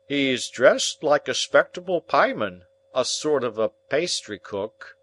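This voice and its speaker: A man puts on a stuffy-nosed, rough working man who drags out every word and drops his consonants. He sounds higher than the reader's own low voice, slow and sniffling. An audiobook voice. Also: sing-song, fairly bright tone, heavily acted. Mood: nervous. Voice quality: stuffy, head-cold voice. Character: slow, sniffling male hired go-between. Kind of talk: audiobook character reading.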